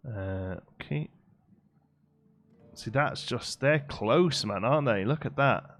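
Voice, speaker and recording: A man's voice: mid-range voice, expressive, slow pace, fairly bright tone, soft background music. A man casually commenting while playing a building game on a live stream, reading and answering chat. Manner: chatty, reads out chat and answers it.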